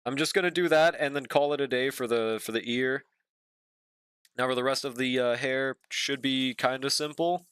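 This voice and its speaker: Here a young guy talks to chat as he draws on stream, relaxed and swearing freely. The voice is mid-range and a little bright, smooth, with fairly even intonation at a moderate pace, in a clean studio recording with no echo.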